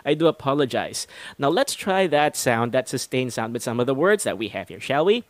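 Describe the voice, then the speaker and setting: A man's voice: medium pitch, sing-song, brisk, dry recording. Chatty man teaching pronunciation. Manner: chatty, self-deprecating, refers to himself in third person. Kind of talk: online pronunciation lesson. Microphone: close microphone.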